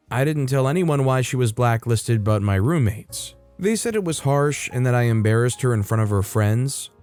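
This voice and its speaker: A man's voice: mid-range voice, expressive, normal speed, few pauses, darkish tone, soft background music. A man hosting a storytelling channel, reading online stories aloud and adding casual, opinionated comments between them.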